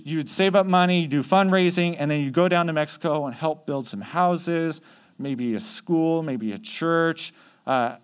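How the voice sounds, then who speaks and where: A man leading youth mission trips tells stories in a casual, conversational way, full of fillers. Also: a little high. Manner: conversational, chatty with many fillers. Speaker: youth mission trip leader. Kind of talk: casual storytelling.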